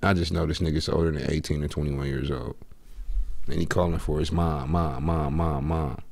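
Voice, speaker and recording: Низкий хриплый мужской голос, прямолинейный. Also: male voice, rumbling low, fairly quick, creaky, darkish tone, breathy edge. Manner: blunt, profane, joking. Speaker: podcast host reacting to a video. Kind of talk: reaction commentary.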